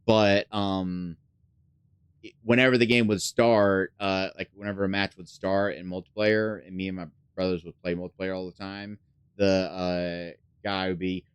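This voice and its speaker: Casual gamer host, male, clear voice, dry close sound, chatty and filler-heavy, mutters while thinking. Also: deep voice, little pitch movement, moderate pace, dry recording. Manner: drops to a mutter when thinking aloud. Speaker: gaming channel host. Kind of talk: casual let's play commentary.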